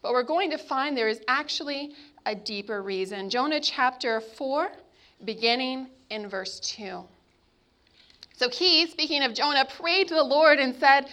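A woman preaching a sermon, with dramatic pauses as she retells a scripture story. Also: high voice, pushed and bright.

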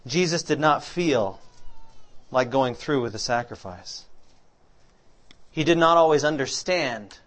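A man's voice: mid-range voice, lively intonation, unhurried, pauses often, a bit bright. A man preaching a sermon, asking the congregation questions, then answering them himself as he reads scripture aloud. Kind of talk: interactive sermon.

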